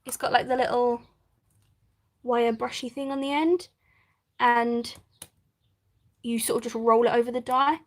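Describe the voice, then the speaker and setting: A woman's voice: on the high side, steady tone, a little slow, long pauses. A woman hosting a live crafting stream, chatting casually, reading viewer comments and laughing often. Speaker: craft channel host.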